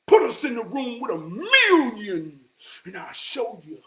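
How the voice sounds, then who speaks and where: Man, high voice, motivational talk, preachy, repeats himself, shouts then goes hushed. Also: huge pitch swings, a little slow. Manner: emphatic and preachy, swinging from shouts to hushed tones; repeats lines for emphasis, street slang. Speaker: motivational vlogger.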